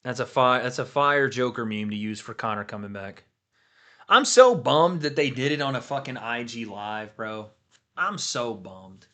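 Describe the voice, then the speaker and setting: A man hosting a livestream watch party, chatting casually and excitably, swearing freely as he reacts. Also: mid-range voice, normal speed. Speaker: livestream host.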